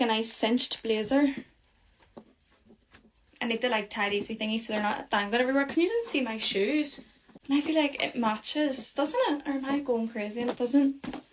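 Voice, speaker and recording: A woman rambles chattily through a get-ready vlog, audibly out of breath. Her voice sits fairly high. Faint noise sits under the recording. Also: darkish tone.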